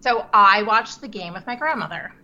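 Bright-voiced woman in her thirties. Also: mid-range voice, lively intonation, normal speed. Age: 30s. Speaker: podcast guest. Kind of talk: casual podcast chat. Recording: dull lo-fi sound.

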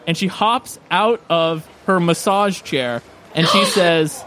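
High-voiced man running a tabletop game. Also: takes it slowly, fairly bright tone. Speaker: game master.

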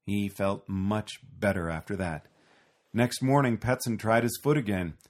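Male storybook reader, deep, husky voice. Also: expressive, measured pace. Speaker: narrator. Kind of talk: storybook reading.

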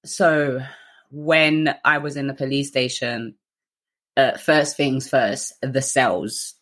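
A woman's voice: a bass voice, slow pace. Guest: young woman, candid storyteller, chatty, lots of fillers, wry about herself. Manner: chatty, frequent fillers, animated quoting, laughs at herself.

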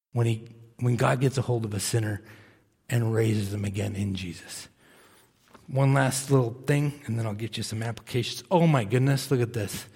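A male pastor preaching a sermon, earnest, swinging from quiet, slow stretches to emphatic bursts. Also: mid-range voice, gravelly, breathy edge, big-room sound. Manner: earnest, rising to emphatic bursts then dropping soft and slow. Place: church sanctuary.

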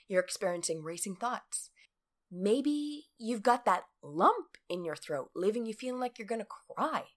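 Blunt, swearing woman with a lively voice. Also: medium pitch. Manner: blunt and profane, acts out everyday scenes in quick quoted voices. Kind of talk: motivational talk addressed to the listener.

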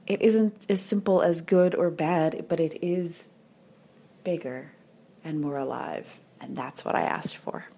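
A woman hosting a weekly podcast, speaking softly and intimately in a reflective monologue, at times sinking to a whisper and near tears. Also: low-pitched, unhurried, vocal fry, a little hiss or hum. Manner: soft, intimate, drops into whispers when moved. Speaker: podcast host.

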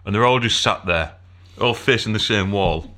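A man's voice: on the low side, normal speed, pushed and bright. A man telling a story in casual podcast chat, swearing and laughing as he goes. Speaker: podcast co-host.

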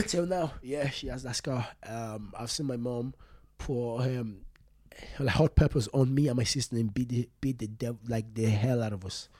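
A young man telling a personal story as an interview guest, rambling and halting with many fillers and restarts. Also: medium pitch. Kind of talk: casual interview talk.

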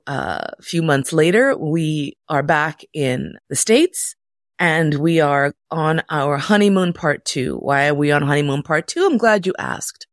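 A middle-aged woman casually telling a personal story, animated and profane, jumping into high voices when quoting. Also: dry recording, studio quality.

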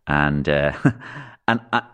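A man's voice: very deep voice, lively intonation, slow, clean tone. An Irish man telling rambling, darkly funny stories from his childhood as a podcast guest. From Ireland. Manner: rambling anecdotal storyteller, dark humour, acts out voices. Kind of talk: storytelling in a podcast interview.

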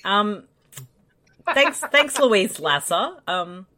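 A woman's voice: medium pitch, sing-song, drawn-out words, pushed and bright. A woman casually riffing on an old film with friends, blunt and sarcastic. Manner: sarcastic, blunt, laughs a lot. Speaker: film commentary co-host.

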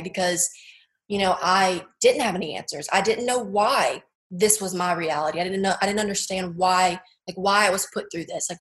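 A woman's voice: fairly low pitch, fairly bright tone. A young woman, a guest in an interview, sharing her story in an earnest, heartfelt way, with lots of "like" and "you know". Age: young adult. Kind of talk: personal testimony interview. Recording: roomy echo.

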